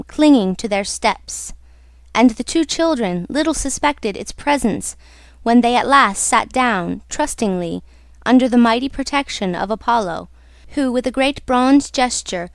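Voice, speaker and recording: A woman narrating an audiobook in a measured, unhurried reading. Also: fairly high pitch, vocal fry, no room sound. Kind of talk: scripted narration.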